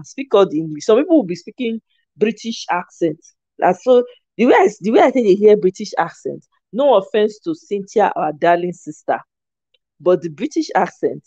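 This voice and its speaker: A woman host with a Nigerian accent, chatting casually as she reacts to viewer comments, animated and laughing often, slipping into Pidgin. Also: on the low side, dry recording, highs cut off.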